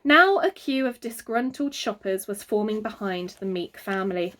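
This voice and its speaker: A woman reading a children's book aloud, very expressive and adding sound effects. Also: medium pitch, moderate pace. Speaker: reader. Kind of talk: storybook read-aloud for children.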